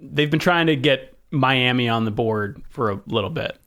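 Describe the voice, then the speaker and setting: A man co-hosting a casual podcast, relaxed and wry with short reactions. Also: mid-range voice, moderate pace. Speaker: podcast co-host. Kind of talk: casual chat.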